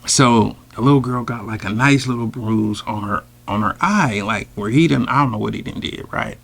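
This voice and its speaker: A man telling a personal story in a casual, animated, slangy way, with sudden loud outbursts. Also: medium pitch, moderate pace, creaky. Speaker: storyteller host.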